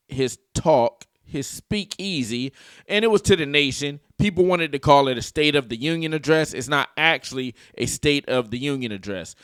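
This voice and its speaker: A man's voice: on the high side, clean tone, dry recording, studio quality. A man giving casual, opinionated political commentary for his channel, slangy and full of joking asides. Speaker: YouTube commentator.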